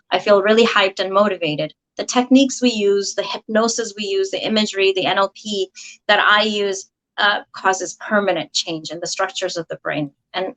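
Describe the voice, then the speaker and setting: A woman practitioner of hypnosis and NLP, explaining her ideas at a steady pace as a guest on a video call. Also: mid-range voice, low-quality recording. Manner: steady, explaining, slows to spell things out. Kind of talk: explanatory interview talk.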